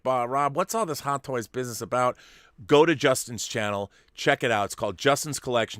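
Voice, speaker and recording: A man hosts a relaxed livestream, reading out viewers' messages and responding off the cuff with quick asides. His voice sits at an ordinary middle pitch. The sound is close and dry, with no room behind it. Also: no echo. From California. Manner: chatty, quick asides and chuckles. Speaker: show host reading super chats. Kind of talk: casual livestream chat.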